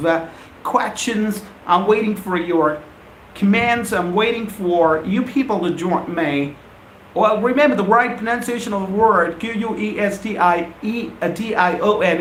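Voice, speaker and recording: A man teaching an English lesson on a live stream, emphatic and repeating phrases in slow deliberate drills. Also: high voice, fairly bright tone, slight background noise. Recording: echoey room with faint ambience.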